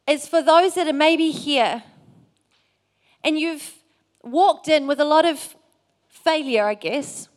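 A woman preaching a sermon, telling a Bible story earnestly. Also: sits high. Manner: earnest, storytelling with acted quotes.

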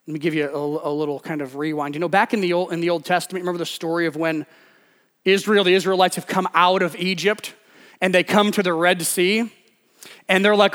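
A man with a high voice delivers a sermon in a loose, talky way and keeps breaking into quick acted-out quotes. His voice rings out with the long reverb of a large hall, as in a church sanctuary. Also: fairly bright tone. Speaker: pastor.

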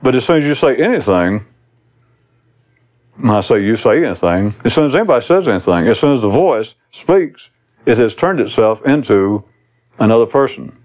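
A man's voice: mid-range voice, very animated, normal speed, a little mellow. A man giving a recorded spiritual talk to an audience, rambling and blunt, swearing casually as he teaches.

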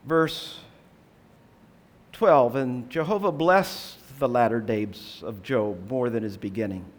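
A man preaching a sermon, explaining scripture in a measured, earnest way and asking rhetorical questions. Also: medium pitch.

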